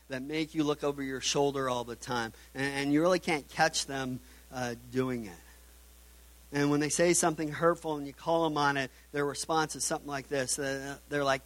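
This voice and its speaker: Male pastor, slightly high voice, dry close recording, chatty sermon delivery with stammered restarts. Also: fairly bright tone, dry recording. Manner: conversational preaching with frequent "right?" tags and stammered restarts.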